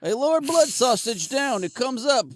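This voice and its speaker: A man voicing a cheerful Siberian man with a put-on Russian accent, speaking broken English and boasting deadpan. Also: very high-pitched, normal speed. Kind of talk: comedic improv bit.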